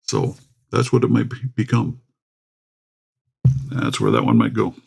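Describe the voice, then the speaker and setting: Gravelly, lively man chatting on a stream. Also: fairly low pitch, measured pace. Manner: rambling, chatty, greets viewers by name. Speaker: livestream host. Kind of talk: casual livestream chat. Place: home. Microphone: desktop USB microphone.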